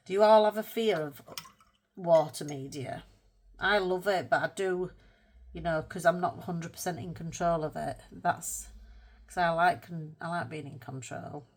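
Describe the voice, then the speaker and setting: Woman, low voice, slow, chatty, rambling, self-mocking, soft murmuring, art video host. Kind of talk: casual colour-with-me chat.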